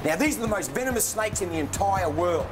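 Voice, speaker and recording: A man's voice: high voice, lively intonation, a little fast. A man with an Australian accent presenting a wildlife show in a boisterous, exclaiming way. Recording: loud music under voice.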